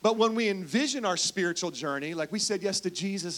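Guy preaching a sermon, kinda high voice, storytelling, goes big then hushed, talks right to the crowd. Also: fairly quick, few pauses, a little hiss or hum. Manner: animated storytelling, swings from loud emphasis to hushed; addresses congregation directly. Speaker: pastor.

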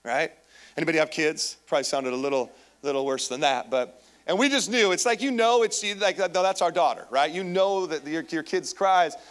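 A male pastor preaching a sermon to a live congregation, telling a personal story with lively energy and calling out to the listeners. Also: on the high side, fairly quick, clean tone. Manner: animated storytelling, calls out to the congregation. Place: church, before a live congregation.

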